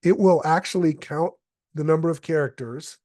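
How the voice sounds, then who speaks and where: A man presenting a step-by-step software tutorial, explaining calmly with occasional fillers. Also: on the high side, normal speed, no echo, clean studio sound.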